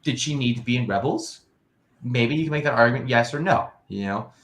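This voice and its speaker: A man's voice: medium pitch, brisk, fairly bright tone, reverberant. A man co-hosting a casual online talk show, rambling through his opinions with many "you know"s. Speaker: podcast co-host. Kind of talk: casual chat.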